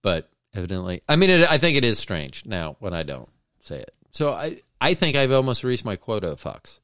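A man's voice: fairly low pitch, big pitch swings, fairly quick, a bit bright, dry recording, studio quality. A middle-aged man co-hosting a podcast, chatting casually in a teasing, joking, swearing manner. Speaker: podcast co-host. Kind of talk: casual chat.

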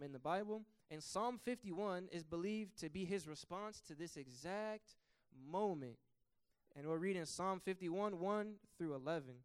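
A man preaching with fervent passion, his voice pitched high and ringing clear. The sound is dry and close, with no room echo. He surges to loud, emphatic peaks and then drops back. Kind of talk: sermon.

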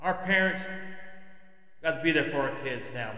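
A man's voice: on the high side, expressive, moderate pace, pushed and bright. A man hosting his own podcast, delivering an impassioned, preachy opinion monologue. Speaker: podcast host. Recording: echoey room with long reverb.

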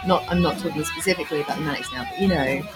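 A woman's voice: low-pitched, racing, over loud music. A woman co-hosting a casual chat, blunt and teasing, laughing often. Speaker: podcast co-host.

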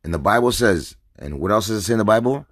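Low-voiced man in a profane ranting monologue. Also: lively intonation, fast, no room sound, studio quality. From North America. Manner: agitated, profane, rambling with repeated words. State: says he is drinking and smoking. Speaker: vlogger. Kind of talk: stream-of-consciousness rant to camera.

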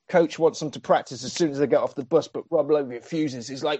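A man's voice: fairly high pitch, fairly quick, few pauses, a little mellow, slightly rough, dry recording. A man doing a comic, sweary, sarcastic recap of a film as a podcast host.

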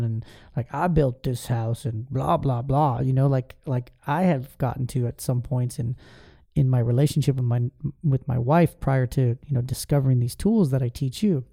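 A man in his forties, a podcast host, candidly telling an emotional personal story about his family, halting and restarting as he goes. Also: mid-range voice, gravelly, dark tone, dry recording, clean studio sound.

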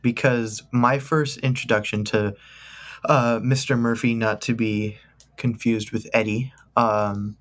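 A man's voice: medium pitch, level tone, a little slow, a bit bright. A young man co-hosting a podcast, talking casually in a joking, rambling, enthusiastic way. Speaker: podcast co-host. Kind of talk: casual chat.

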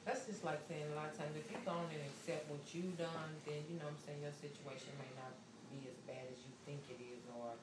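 Low-voiced woman in a noisy, echoey room. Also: fairly even intonation, fast, hardly any pauses. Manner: informal, says "you know what I'm saying". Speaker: study group member. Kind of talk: casual discussion.

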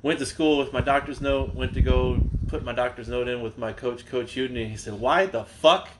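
A man's voice: mid-range voice, little pitch movement, fairly quick, background noise. A man in his thirties, originally from North Carolina, telling rambling, joking stories as a guest on a casual podcast. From Charlotte, North Carolina. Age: 30s. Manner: joking, rambling storyteller with frequent fillers. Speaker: wrestler guest.

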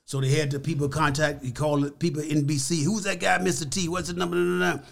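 An older man telling stories as a podcast interview guest, emphatic and animated, acting out the voices of people he quotes. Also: a little high, fast, gravelly. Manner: emphatic, repeats key words.

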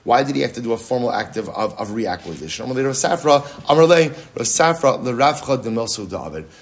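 Middle-aged male rabbi, mid-range voice, animated Talmud teacher who quizzes himself aloud and drills points by repetition. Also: medium pitch, brisk. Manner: animated, asks and answers his own questions, repeats phrases, Hebrew and Aramaic terms. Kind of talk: lively Talmud class.

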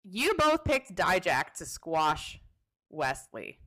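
A woman's voice: fairly low pitch, big pitch swings, slow pace, a bit bright. A woman co-hosting a podcast, chatting casually and playfully about wrestling results. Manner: chatty, playful, jokes about her own predictions. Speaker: podcast co-host.

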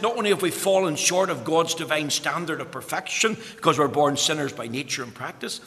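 Male preacher, bright forceful voice, fervent sermon delivery with stammered restarts, long church reverb. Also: a little high. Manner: fervent, rising to emphatic peaks on scripture quotes; repeats words when starting phrases.

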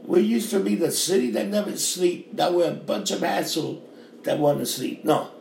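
Gravelly New York man ranting hard. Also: high-pitched, normal speed, a little mellow. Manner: fiery, profane, repetitive ranting. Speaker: bar worker. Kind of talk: ranting monologue. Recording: roomy with faint background noise.

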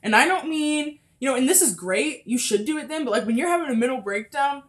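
A young woman hosts a laid-back faith podcast, chatting with lots of fillers and laughs. Her voice is high, expressive and fairly quick, and she sounds a little breathless up close to the microphone.

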